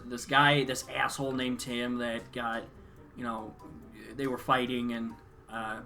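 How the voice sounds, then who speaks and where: A man's voice: medium pitch, level tone, measured pace, bright, forceful tone, soft background music. A man co-hosting a casual podcast, telling a rambling story with frequent laughter. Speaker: podcast co-host. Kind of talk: casual chat.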